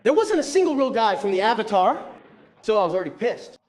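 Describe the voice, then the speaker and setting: A man from Brazil telling a stand-up comedy story on stage, animated and bursting into shouted exclamations. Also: high voice, fast.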